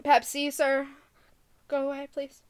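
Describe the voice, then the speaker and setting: A woman's voice: high-pitched, monotone, measured pace. A young woman co-hosting a casual podcast, telling work stories with frequent giggles. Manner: giggly storyteller, reads notes aloud. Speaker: podcast co-host. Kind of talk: casual chat.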